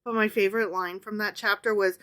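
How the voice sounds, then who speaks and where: A woman from the American Midwest with a Midwestern accent, co-hosting a casual podcast and reading aloud, playful, opinionated and quick to swear. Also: mid-range voice, fairly even intonation, a bit bright. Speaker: podcast co-host. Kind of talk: casual chat.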